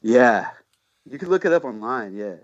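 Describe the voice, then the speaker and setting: A man's voice: medium pitch, lively intonation, normal speed, highs cut off, a crowd in the background. Slangy, swearing man telling a story. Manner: slangy, swears a lot, rambling with many fillers. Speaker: podcast guest. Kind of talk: casual storytelling chat.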